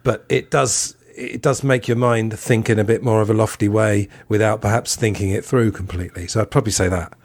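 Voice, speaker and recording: Low-voiced reflective podcast host. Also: male voice, steady tone, fairly quick, few pauses, darkish tone. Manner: reflective, chatty, frank opinions. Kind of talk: casual podcast discussion.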